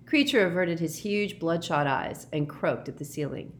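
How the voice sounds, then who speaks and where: Low-voiced woman reading a storybook. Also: normal speed, a little hiss or hum. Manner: steady storybook narration. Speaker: narrator. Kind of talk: audiobook reading.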